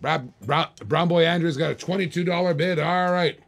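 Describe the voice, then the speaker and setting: Gravelly man calling a live auction. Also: on the high side, fairly even intonation, moderate pace. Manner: hyped, repetitive bid calling.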